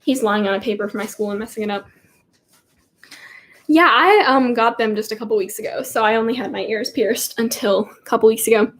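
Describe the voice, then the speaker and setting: A woman's voice: a little high, fairly quick. A teenage girl rambling in a giggly, chatty way while answering viewer questions on a casual livestream. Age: teens. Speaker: livestream host. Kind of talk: casual live Q&A chat.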